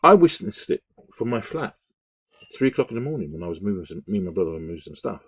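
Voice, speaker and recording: A man telling a story in a casual, rambling monologue, animated and full of restarts. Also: deep voice, fast talker, slightly rough, no room sound.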